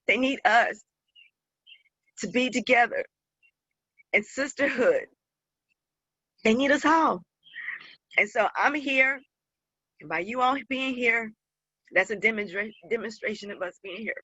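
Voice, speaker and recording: Slow, emotional woman on a muffled call. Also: a little high, bright, forceful tone, no echo. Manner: emotional, rhythmic, repeating phrases. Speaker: speaker in online circle. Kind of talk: heartfelt speech.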